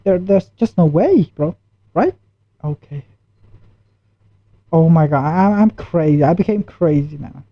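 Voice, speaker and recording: A man's voice: on the high side, expressive, normal speed, no echo. A man streaming his reaction to a video, jittery, repeating himself and swearing. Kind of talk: live reaction commentary. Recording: dull lo-fi dry sound.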